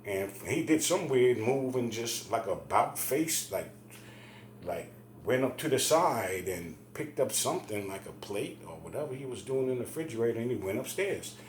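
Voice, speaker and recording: A man's voice: medium pitch, normal speed, a little hiss or hum. Middle-aged man, casual ranting storyteller, profane and fired up; roomy echo. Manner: profane, heated, animated retelling. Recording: echoey room.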